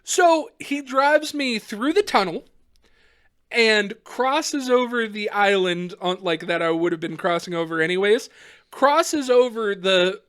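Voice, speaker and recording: A young man on a podcast, telling a story in a casual, animated way and laughing as he goes. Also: sits high, measured pace, clear, resonant tone. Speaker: podcast co-host.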